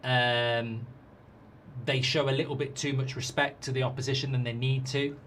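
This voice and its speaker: A man's voice: medium pitch, little pitch movement, normal speed, a bit bright, a little hiss or hum. A man hosting a live football watchalong, chatting casually and reading out viewer comments.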